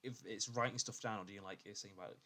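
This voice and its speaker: A man co-hosting a relaxed podcast chat, reading out figures and lists in an easy conversational way. His voice sits on the lower side for a man. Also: quick pace. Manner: conversational, reads out facts with "you know" fillers. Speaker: podcast co-host. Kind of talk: casual chat.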